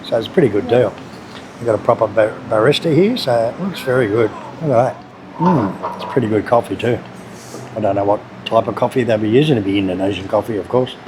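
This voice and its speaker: Laid-back Australian man in a noisy cafe. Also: fairly low pitch. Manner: relaxed, chatty, laid-back. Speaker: food vlogger. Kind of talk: casual vlog narration. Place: busy local cafe.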